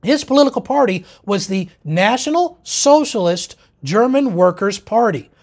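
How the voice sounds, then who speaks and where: A man's voice: high-pitched, animated, normal speed. A man presenting a political lecture in an emphatic, insistent way.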